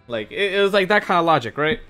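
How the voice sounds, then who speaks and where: Animated young man telling a story. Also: high-pitched, fast, clear, resonant tone. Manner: animated, swears, acts out quotes in shifting voices. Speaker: gaming youtuber. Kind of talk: casual storytelling vlog. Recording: faint music underneath.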